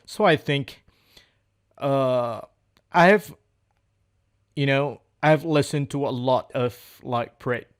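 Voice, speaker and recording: A man's voice: mid-range voice, takes it slowly, pauses often, smooth. A man speaking in an unscripted practice monologue, hesitant and searching for words, often repeating phrases as he goes. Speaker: English learner recording speaking practice.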